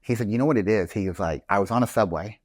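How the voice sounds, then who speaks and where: Brief: man, 40s, low voice, chatty storyteller, swears casually, dead-dry podcast mic. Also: fast, dry recording. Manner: rambling storyteller, acts out quoted dialogue, swears. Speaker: podcast guest, real estate instructor. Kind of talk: casual chat.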